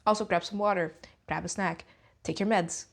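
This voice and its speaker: A woman's voice: lowish voice, steady tone, normal speed, gravelly. Woman ranting into a vlog. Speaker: YouTube commentator. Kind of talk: heated ranting vlog commentary.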